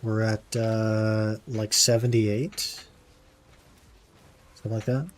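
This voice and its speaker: Brief: young male streamer, slightly low voice, relaxed chatty banter while grinding a game. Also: slow. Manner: laid-back, says "man" often, answers chat. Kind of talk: casual live-stream chat while gaming.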